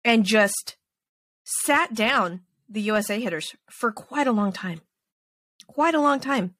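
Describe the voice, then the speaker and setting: A woman hosts a podcast from her home desk, and she talks in a casual, animated way. Her voice is bright and forward, and she swears freely and keeps breaking off into quick asides. The sound is dry and close. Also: on the high side, no room sound. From Texas. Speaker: podcast host. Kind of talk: casual chat. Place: home desk with snoring dogs.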